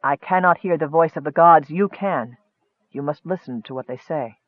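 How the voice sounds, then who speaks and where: A man voicing a sinister, soft-spoken male wizard who talks quietly and in a measured way. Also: a little high, no echo, muffled recording, natural voice. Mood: cryptic.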